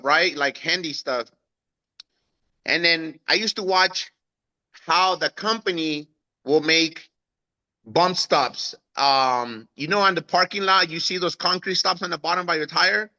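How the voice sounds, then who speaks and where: Bright-voiced man telling his story. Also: measured pace, muffled recording. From Guatemala. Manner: animated, acts out quoted voices with raised pitch. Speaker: guest. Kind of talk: storytelling in an interview.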